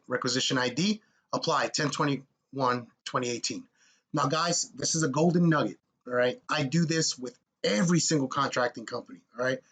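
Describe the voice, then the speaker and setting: A young man giving blunt, energetic step-by-step advice as he walks viewers through an online job application. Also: on the high side. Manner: blunt, energetic, coach-like, addresses viewers as guys. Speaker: military contracting advice vlogger. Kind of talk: casual screen-walkthrough tutorial.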